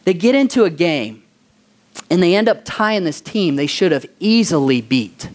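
A pastor preaching a sermon, asking the congregation questions for call-and-response and telling stories with animation. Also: male voice, sits high, normal speed. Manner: animated storytelling.

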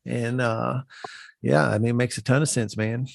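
A man hosts a podcast with a gravelly, creaky voice. He sounds affirming and reflective and agrees often. The recording is dry, with a close mic. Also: medium pitch, steady tone, normal speed, dry recording. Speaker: podcast host. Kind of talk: casual conversation.

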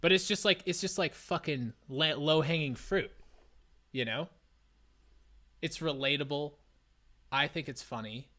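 A man in his twenties co-hosting a casual podcast, loud and excitable, ranting and joking at himself. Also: a little high, unhurried, long pauses. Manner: loud, excitable, self-mocking rants. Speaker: podcast co-host.

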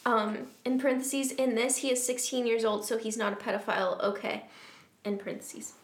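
A woman co-hosting a comedy podcast reads a fan fiction aloud, clearly amused and often breaking into laughter, alongside casual chat. Her voice is fairly high and steady in tone, her pace brisk, and the recording has a roomy echo.

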